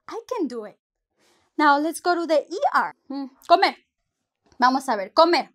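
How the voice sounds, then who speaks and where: High-voiced, slow-talking teacher woman. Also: a bit bright. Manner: patient, explains step by step, mixes English and Spanish. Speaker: Spanish teacher. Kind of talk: language lesson.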